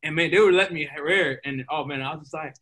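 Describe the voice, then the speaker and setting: A young man, a pro baseball player, telling animated stories in a casual interview, full of fillers. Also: a little high, fast talker, a loud crowd. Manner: animated, excitable, many fillers. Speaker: guest, professional baseball player.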